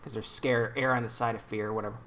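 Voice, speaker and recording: A man's voice: medium pitch, level tone, quick pace, a bit bright. A man ranting angrily and sarcastically into his own microphone in a preachy political commentary vlog.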